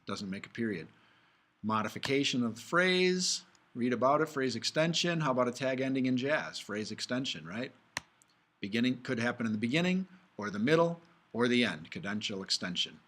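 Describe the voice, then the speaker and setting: A man giving a relaxed music theory lecture, talking his way through the slides and breaking into quick sung examples now and then. His voice sits at an ordinary middle pitch, and he keeps the tone informal, as if chatting with a class. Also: a little hiss or hum. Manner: casual, talks through slides, hums and sings examples. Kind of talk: recorded video lecture.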